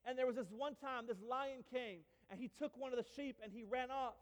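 A man's voice: very high-pitched, brisk, long reverb tail, voice pushed up. A man voicing the eager shepherd boy David. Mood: earnest. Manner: eager, insistent storytelling. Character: eager young shepherd boy, earnest and bold.

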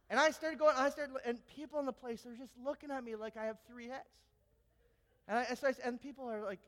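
High-voiced preacher in a reverberant hall. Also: male voice, fast talker. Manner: animated storytelling, builds to shouting peaks. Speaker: pastor. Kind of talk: sermon with personal story.

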